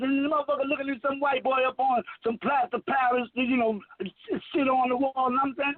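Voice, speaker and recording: High voiced guy in his 50s preaching and cussing over a thin dry phone line, rambling on. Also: a little fast, no room sound. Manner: preachy, emphatic, heavy swearing. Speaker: self-proclaimed messiah giving a monologue. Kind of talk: rambling profane monologue.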